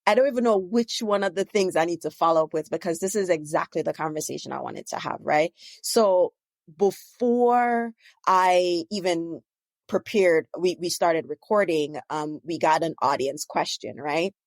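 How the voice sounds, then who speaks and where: A woman's voice: lowish voice, animated, normal speed, dry recording. A middle-aged woman from Jamaica with a Jamaican accent, hosting a podcast interview and asking long, rambling, self-correcting questions. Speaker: podcast host. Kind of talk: casual interview conversation.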